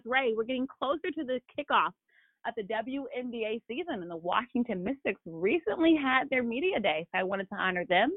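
A woman hosting a casual sports radio show, hoarse from a cold, upbeat and emphatic. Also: on the high side, dry recording. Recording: tinny phone-line sound, dry.

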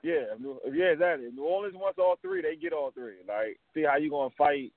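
A man calling in as a reporter guest, quick and joking, with slangy casual talk. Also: a little high, expressive, no echo. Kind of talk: casual sports radio talk. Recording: dry, phone-like line.

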